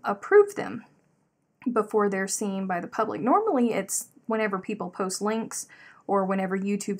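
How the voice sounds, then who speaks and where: A woman in her thirties hosting a live craft stream, chatting casually and reading out viewer comments. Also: mid-range voice. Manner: animated storyteller, reads out chat comments. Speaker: livestream host. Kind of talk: casual chat while crocheting.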